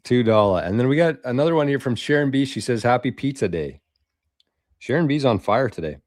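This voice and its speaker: A man hosting a casual livestream, reading viewer comments aloud in a loose, swearing, chatty way with quick laughs. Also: medium pitch, expressive, no room sound, clean studio sound. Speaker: livestream host.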